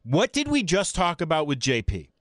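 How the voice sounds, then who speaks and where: A man's voice: a little high, normal speed, no room sound, studio quality. Blunt, opinionated sports radio man. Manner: opinionated, blunt, animated rants. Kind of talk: sports talk radio chat.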